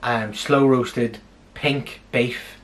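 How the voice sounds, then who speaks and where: Bromista irlandés del norte. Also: male voice, mid-range voice, extremely slow. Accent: Northern Irish. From Northern Ireland. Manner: joking, deadpan storytelling. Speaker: co-host. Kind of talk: casual chat. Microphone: camera mic.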